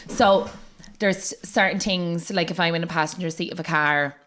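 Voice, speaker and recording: A woman's voice: fairly low pitch, fairly even intonation, moderate pace, fairly bright tone, a little hiss or hum. An Irish woman co-hosting a podcast, rambling casually with lots of fillers. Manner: rambling, filler-heavy talk. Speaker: podcast co-host. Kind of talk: casual chat.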